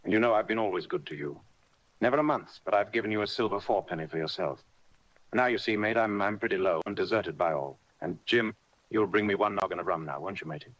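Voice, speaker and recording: A man voicing a sick old sea captain who talks in rough sailor slang, pleading and blustering by turns. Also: fairly low pitch, fast talker, fairly bright tone, no room sound, dull audio, natural voice. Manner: gruff, wheedling sailor talk. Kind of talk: audiobook character reading.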